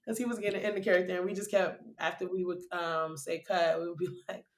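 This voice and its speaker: Laughing, animated woman guest. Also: fairly low pitch, fast. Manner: laughs often, animated storytelling. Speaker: actor and podcast guest. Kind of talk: casual interview chat.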